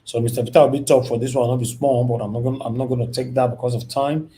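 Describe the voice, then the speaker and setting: A man's voice: mid-range voice, steady tone, fast, mellow, slight background noise. A man with a Nigerian accent hosting a live-stream call-in show, casual and teasing, shifting between formal and street speech.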